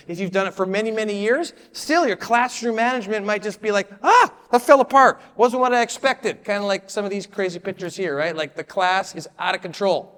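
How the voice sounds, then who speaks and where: A man's voice: sits high, fairly bright tone, big-room sound. A man leading a live volunteer workshop in a casual, upbeat way. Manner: casual, upbeat, lots of 'like' and 'right?'. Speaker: training session leader.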